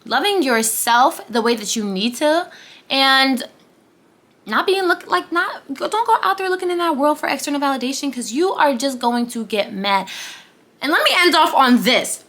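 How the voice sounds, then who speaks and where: A woman in her twenties giving a chatty, animated motivational vlog, sometimes dropping into whispers and playful asides. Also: high voice, normal speed. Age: 20s. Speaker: vlogger.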